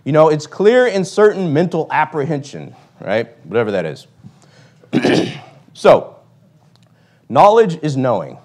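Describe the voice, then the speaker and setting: A man's voice: a little high, very animated, unhurried, pauses often, darkish tone. A man preaching a sermon, emphatic, reading old-style scripture and often asking "right?".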